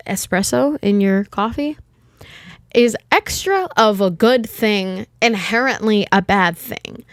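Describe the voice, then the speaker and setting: A woman's voice: mid-range voice, dry recording. Young woman, solo podcast host, rambling and candid, casual swearing, dry close sound.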